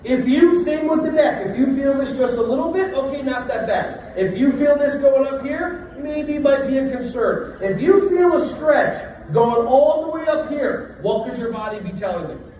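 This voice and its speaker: A man's voice: extremely high pitch, animated, moderate pace, mellow, slight background noise. A middle-aged man leading a stretching workshop for a group, talking in a playful, joking, self-deprecating way. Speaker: workshop presenter. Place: large room with a live group. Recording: echoey room from a distant mic.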